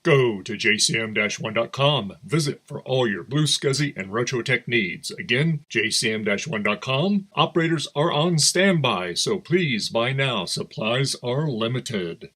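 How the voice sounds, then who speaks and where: A husky, low-voiced TV commercial announcer, as a man puts him on to joke on a live stream. He stretches out each line in a slow, deliberate sales pitch with a slightly breathy edge. It sounds like a parody of an old-school commercial. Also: lively intonation, a bit bright. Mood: salesy. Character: smooth male TV commercial announcer. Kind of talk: mock advertisement.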